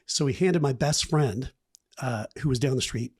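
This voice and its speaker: A man's voice: mid-range voice, moderate pace, husky. A man in his fifties, a podcast guest, telling candid, rambling stories about his past and acting out the voices of the people in them. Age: 50s. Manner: rambling, animated retelling with acted quotes. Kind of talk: candid storytelling interview.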